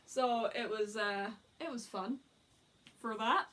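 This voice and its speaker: A young woman vlogger, chatting excitedly and giggling as she tells a story with lots of fillers. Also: fairly high pitch, slow pace, background noise. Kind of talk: casual chat.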